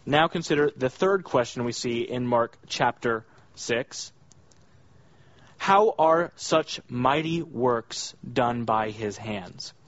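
A man's voice: lively intonation, slow, fairly bright tone, dry recording. A man preaching an expository sermon, earnest and emphatic, reading scripture aloud and stressing key words. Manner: earnest, emphatic, rises high when voicing the villagers' questions. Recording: dull dry lo-fi sound.

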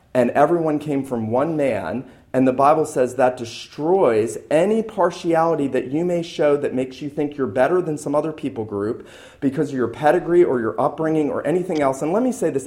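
A man's voice: medium pitch, a little mellow. A man preaching a sermon as a pastor, emphatic and repeating key lines for stress.

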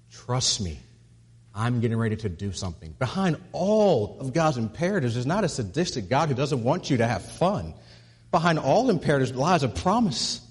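A male pastor preaching a sermon, repeating words as he builds to a point and dropping low and soft on key phrases. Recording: husky voice with long hall reverb.

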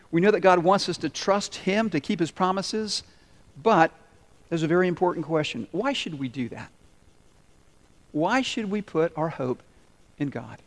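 Pastor, man, high-pitched, dramatic pauses, echoing sanctuary. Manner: dramatic pauses and voiced quotes. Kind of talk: sermon. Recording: long hall reverb.

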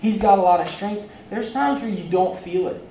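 A preacher talks through a sermon in a loose, chatty way, often turning to the congregation. The voice is soft and mellow. It comes from well back from the mic and rings around a roomy sanctuary, with faint ambient noise under it. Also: medium pitch, normal speed, recorded from a distance. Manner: conversational, chatty, addresses the congregation directly. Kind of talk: casual sermon with personal story. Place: church sanctuary.

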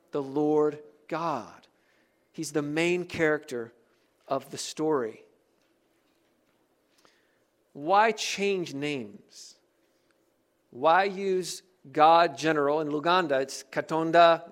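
A man with a fairly high voice preaches a sermon from the pulpit. He puts questions to the congregation and shifts his pace and volume to stress key words. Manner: varies pace and loudness for emphasis. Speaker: pastor.

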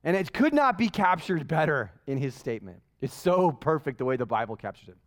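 A male pastor preaching a sermon in an animated, conversational way full of rhetorical questions. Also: on the high side, fairly quick.

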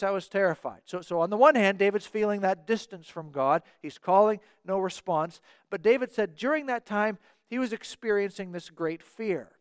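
A man's voice: high voice, no echo, studio quality. A man preaching a sermon as pastor, earnest and repeating words for emphasis.

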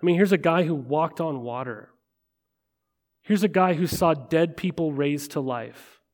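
A man preaching a sermon in a conversational way, often checking in with listeners and slowing to a hush at weighty moments. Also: a little high. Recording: long reverb of a large hall.

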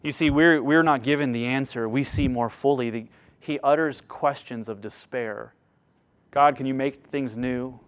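A man preaching a sermon with passion, swelling loud on key phrases and dropping to a hushed, slow delivery. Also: mid-range voice. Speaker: pastor.

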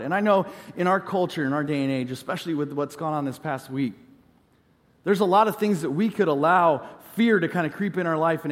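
A man's voice: a little high, in a large hall. A male pastor in his thirties preaching a sermon in a conversational, storytelling way, mixing in self-deprecating humor.

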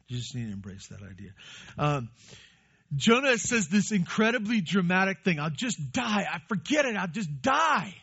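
A man's voice: on the high side, fairly bright tone, dull audio. Man preaching a conversational sermon. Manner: conversational, asks the congregation questions. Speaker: pastor.

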